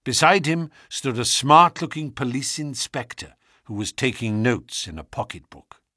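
A man narrating a classic novel audiobook in a measured storytelling manner. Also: no echo. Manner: measured storytelling with expressive pitch.

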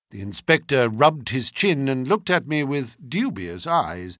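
A man narrates a mystery story in a husky, slightly breathy voice. His pitch moves in a lively way through the sentences. The sound is close and dry. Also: unhurried, hardly any pauses, no room sound. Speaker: audiobook narrator. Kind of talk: scripted narration with character voices.

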